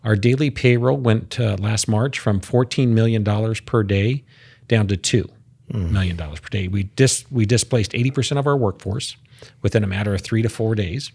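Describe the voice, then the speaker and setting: Podcast guest: low, gravelly, husky male voice, emphatic, data-driven, talks in restarts. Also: normal speed, darkish tone. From United States. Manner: emphatic, statistic-heavy, repeats words when starting. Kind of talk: casual podcast interview.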